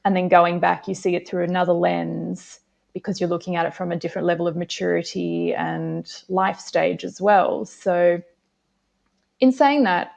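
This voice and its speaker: Reflective low-pitched woman, from South Africa. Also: fairly even intonation, vocal fry, a little mellow. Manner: reflective, with frequent "um" pauses. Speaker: guest. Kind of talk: casual interview chat.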